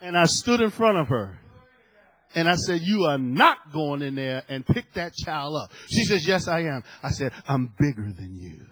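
A middle-aged man preaching from the pulpit, his voice high and bright with a husky edge. He tells a family story in hushed tones, then rises into loud shouted points. He acts out each person in the story with their own voice. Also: animated, moderate pace. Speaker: pastor. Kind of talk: sermon with storytelling.

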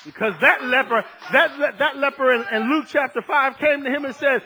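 A man preaching a fervent sermon, dropping low and then shouting as he acts out scripture. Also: a little fast, low-quality recording.

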